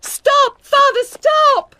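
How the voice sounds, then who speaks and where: A narrator voicing a young girl who pleads with her father in a high, crying voice, for an audio storybook. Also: big pitch swings, moderate pace, very noisy. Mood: frantic.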